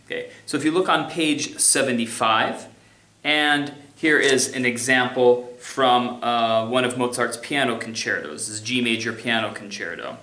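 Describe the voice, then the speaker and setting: In a recorded remote music theory lecture, a man with a mid-range, sharp-toned voice talks casually at a moderate pace. He sings and scats rhythms to demonstrate them, and the room is echoey.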